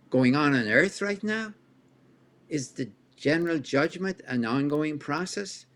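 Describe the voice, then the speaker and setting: A man speaking as a guest scholar in an interview, explaining at length in an animated way, with rhetorical questions and chuckles along the way. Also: medium pitch. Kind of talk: interview answer, lecturing.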